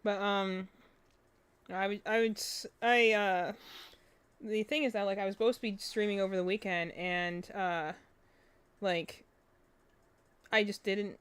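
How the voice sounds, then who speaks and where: Soft smooth young woman chatting on stream, trails off and restarts a lot. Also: mid-range voice, steady tone, no echo. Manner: soft-spoken, halting. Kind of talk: casual chat on a livestream. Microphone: close mic.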